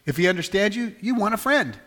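A man's voice: high voice, very animated, quick pace, fairly bright tone. An older man preaching a conversational sermon as a pastor, acting out everyday dialogue to make his points. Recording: reverberant hall.

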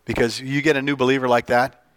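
A man preaching an informal sermon, telling stories, his voice leaping up when he gets excited and falling soft and low for earnest points. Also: fast, clean tone, dry recording. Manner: animated, jumps up in pitch for quoted lines. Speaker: pastor.

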